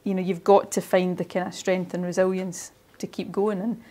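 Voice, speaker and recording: A woman's voice: lowish voice, level tone, moderate pace, dark tone. Earnest, encouraging Scottish woman. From Ayrshire, Scotland. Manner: earnest and encouraging, often restarts phrases. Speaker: guest speaker. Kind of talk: motivational talk to young players.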